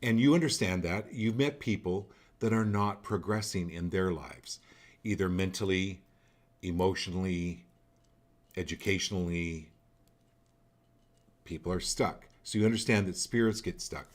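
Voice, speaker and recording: A man's voice: deep voice, measured pace. A man hosting a live card-reading show, speaking directly and coaching each viewer, often repeating phrases for emphasis.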